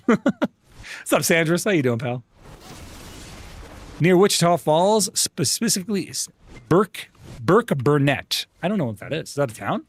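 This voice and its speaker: A man's voice: fairly high pitch, very animated, measured pace, long pauses, husky. A man chatting casually on a live gaming stream, upbeat and talkative, stumbling over and repeating words and calling people bro and dude. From United States.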